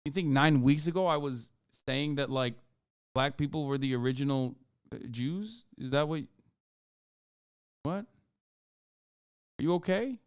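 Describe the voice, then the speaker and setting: Clear-voiced, exasperated man ranting on stream. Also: fairly high pitch, measured pace, pauses often, no room sound, clean studio sound. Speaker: streamer reacting to videos. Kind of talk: casual live-stream commentary.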